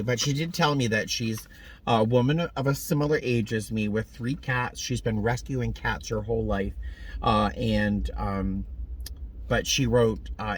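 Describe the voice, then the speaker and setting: A man chatting to camera in a casual vlog, rambling and halting with many fillers and restarts, gentle and sentimental in tone. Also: lowish voice, distant mic, a little hiss or hum. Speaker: vlogger.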